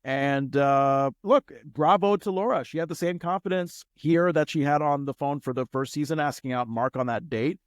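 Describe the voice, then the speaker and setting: A man's voice: a little high, normal speed, hardly any pauses, dry recording, studio quality. A man co-hosting a casual podcast recap, talking animatedly and slipping into goofy impressions. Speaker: podcast co-host.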